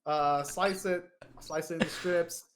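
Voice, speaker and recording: A man's voice: on the high side, steady tone, measured pace, noisy background. A man with a Southern US accent chats casually on a podcast. He talks loosely, swears for color and breaks into laughter while he explains things. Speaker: podcast co-host. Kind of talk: casual chat.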